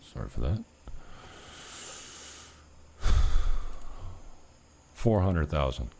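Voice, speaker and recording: A man's voice: rumbling low, very animated, extremely slow, creaky, a little mellow, slight background noise. A man from Canada talking casually in a vlog, blunt and rambling, swearing often. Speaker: vlogger.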